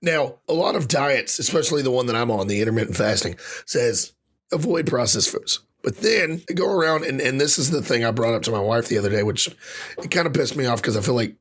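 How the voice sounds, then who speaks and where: Husky-voiced man ranting on a podcast. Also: medium pitch, a little fast. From Ireland. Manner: animated ranting with frequent swearing. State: rough voice recovering from lost voice. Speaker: podcast co-host. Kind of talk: casual podcast rant.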